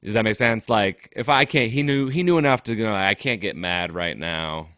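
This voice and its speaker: A man's voice: lowish voice, normal speed, clean tone, no echo, clean studio sound. A young man casually telling a story on a podcast, laughing often and acting out what others said. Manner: animated storytelling, laughs often, quotes people. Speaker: podcast co-host.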